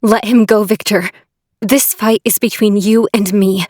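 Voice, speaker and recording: Guy doing a high urgent angel girl, protective, dry close sound. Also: fairly even intonation, unhurried, darkish tone, no room sound. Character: young female angel, fierce and protective.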